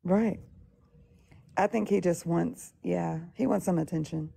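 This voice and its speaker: A sick woman with a raspy voice, teasingly hosting a live chat stream. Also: lowish voice, unhurried, mellow, no room sound. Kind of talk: casual chat.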